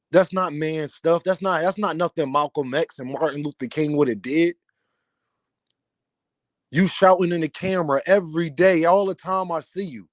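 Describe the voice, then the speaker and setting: Young male commentator, heated and preachy, higher-pitched voice, dry close recording. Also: no room sound. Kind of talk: opinion rant to camera.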